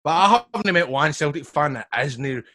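A man's voice: a little high, lively intonation, normal speed, sharp tone. A man, a podcast guest, telling sweary stories with laughs. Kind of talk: casual banter.

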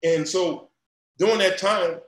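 Middle-aged Louisiana man, chatty guest telling stories, fairly high voice, roomy echo. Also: slow pace. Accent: Louisiana Southern. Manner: animated storytelling with restarts and acted quotes. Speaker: guest, recruiting company founder. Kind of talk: casual podcast interview.

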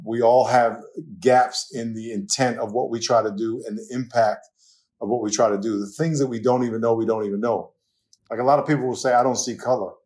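Lively New York pastor telling stories. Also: male voice, medium pitch. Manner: animated storyteller, laughs often, slips into acted quotes. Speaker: pastor and author, guest. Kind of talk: conversational podcast interview.

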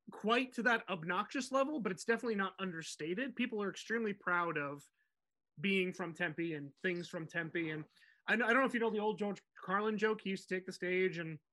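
A man with a high, bright voice hosts a podcast and leads the storytelling. He talks in a casual, animated, chatty way and laughs easily as he goes. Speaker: podcast host telling the story.

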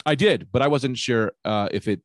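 A man chatting on a podcast, a loud, animated storyteller who swears freely. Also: medium pitch, normal speed, dry recording. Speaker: podcast guest, comedian. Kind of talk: casual chat.

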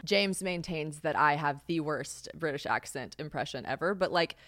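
Young woman, podcast host, light Southern accent, chatty, low voice, dry close sound. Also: normal speed, no echo. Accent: light Southern American. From Southern United States. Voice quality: chatty, animated, swears freely, lots of "like". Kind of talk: casual solo podcast chat.

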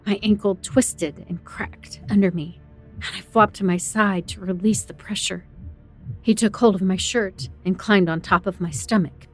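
A woman narrating a first-person horror story in a tense, dramatic way. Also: lowish voice.

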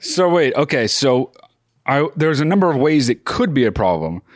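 A man's voice: medium pitch, very animated, moderate pace, no room sound, clean studio sound. A man co-hosting a podcast, blunt and profane, laughing often. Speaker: podcast co-host. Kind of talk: casual chat.

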